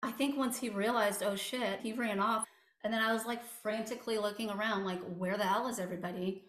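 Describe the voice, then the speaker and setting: A woman recounting a painful personal story as an interview guest, halting and full of fillers and restarts. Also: medium pitch, fairly even intonation, fairly bright tone, slight background noise. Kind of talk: personal testimony. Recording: echoey room.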